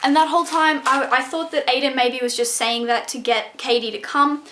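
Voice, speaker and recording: Excitable young woman gushing about a book. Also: sits high, normal speed, slight background noise. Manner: excitable and gushing, peppered with "like" and swearing. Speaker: book reviewer. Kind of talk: casual book review vlog. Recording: echoey room.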